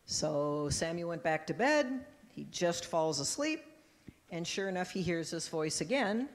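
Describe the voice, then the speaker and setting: A woman pastor gives a children's message, telling the story with animation and putting on small voices for the characters. Her voice sits slightly low, and a handheld mic carries it into a church sanctuary with a long, lingering reverb. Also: animated, moderate pace. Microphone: handheld microphone.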